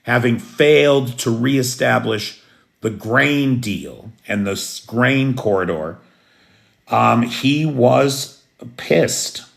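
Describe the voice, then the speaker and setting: Gravelly, blunt American news commentator. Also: male voice, medium pitch, takes it slowly. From United States. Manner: blunt, opinionated, rhetorical questions.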